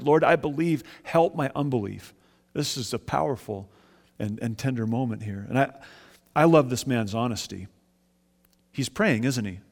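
A man preaches as a pastor, earnest and steady in his delivery. He keeps turning to his listeners with questions. His voice sits at an ordinary middle pitch and trails off into a long reverb that fills the hall. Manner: earnest, asks the congregation questions. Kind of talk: sermon.

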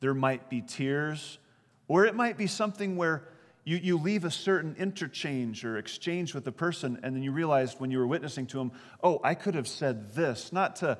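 A man preaching a sermon in an earnest, conversational way, at times laughing lightly and dropping to a soft, low voice. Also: animated, normal speed. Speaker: pastor. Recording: hall reverb.

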